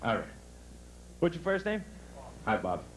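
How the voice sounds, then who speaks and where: A man doing a brash, punchy stand-up comedy set at a resort club, telling jokes and bursting into loud outbursts. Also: a little high, huge pitch swings, measured pace, slight background noise, low-quality recording. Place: resort club stage before a live audience.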